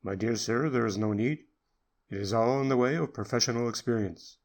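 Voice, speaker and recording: A man doing Sherlock Holmes, calm and wry. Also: mid-range voice, lightly acted. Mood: dryly amused. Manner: measured and courteous, quietly wry. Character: calm, shrewd male detective, dryly amused. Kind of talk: audiobook character reading.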